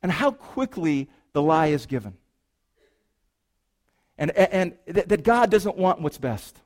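A man delivers a sermon from the pulpit in a fairly high voice. He swings between reading scripture and lively, joking asides to his listeners, peppering them with rhetorical questions. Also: unhurried. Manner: animated, rhetorical questions to the congregation; reads scripture aloud, then riffs with playful asides. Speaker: pastor.

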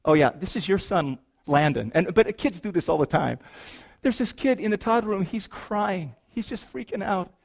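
A middle-aged pastor preaches a sermon in a church sanctuary, shifting between lively storytelling and hushed, earnest reflection. His voice is high-pitched and creaky, at a moderate pace.

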